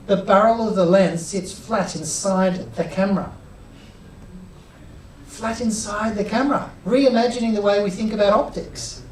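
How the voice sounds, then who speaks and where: A middle-aged man giving an energetic live workshop, chatty and drawing the audience in. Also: high-pitched, slight background noise. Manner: upbeat, chatty, involves the crowd. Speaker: workshop presenter. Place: cinema auditorium with audience. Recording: roomy auditorium sound from a distance.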